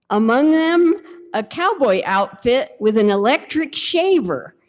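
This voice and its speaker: A woman reading family tributes aloud at a memorial service in a slow, measured way. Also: mid-range voice. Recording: long reverb of a hall.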